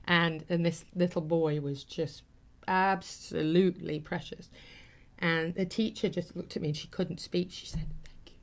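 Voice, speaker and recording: A woman's voice: on the low side, fairly even intonation, unhurried. A middle-aged woman hosting a talk show, telling an emotional story in an earnest, casual way with many fillers.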